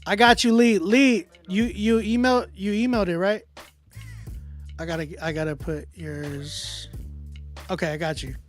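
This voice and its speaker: A man hosting a casual livestream, chatting with viewers in slang and often trailing off into quiet mumbles. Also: sits high, fairly even intonation, measured pace, soft background music. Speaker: livestream host running a song battle.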